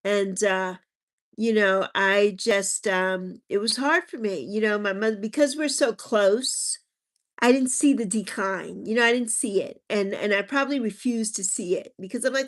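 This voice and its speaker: A middle-aged woman hosting a casual livestream, gently consoling viewers about grief while reading their comments, her voice sometimes breaking with tears. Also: medium pitch, moderate pace.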